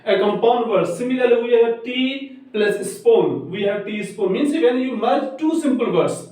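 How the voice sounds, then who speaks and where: A male teacher gives a grammar lecture slowly, repeating each point as he goes. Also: very high voice, lively intonation, a little mellow. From Pakistan. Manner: slow, repetitive, restates each point. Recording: very echoey room, voice far from mic.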